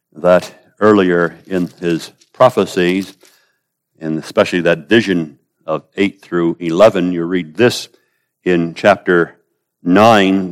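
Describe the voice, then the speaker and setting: A man with a fairly low voice delivers an expository sermon. He swings from loud, pleading cries when voicing the prayers down to low, quiet asides, and calls his listeners beloved. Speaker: preacher.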